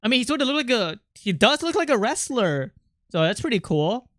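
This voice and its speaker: A livestreamer chatting casually with viewers, rambling and excitable, jumping from topic to topic. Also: mid-range voice, fairly quick, no room sound, clean studio sound.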